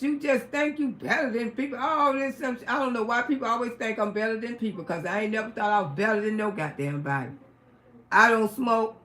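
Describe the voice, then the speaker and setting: A middle-aged woman hosting a livestream, telling stories in a brash, profane, casual way and breaking into loud exclamations. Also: mid-range voice. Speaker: livestream host. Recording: roomy echoey room.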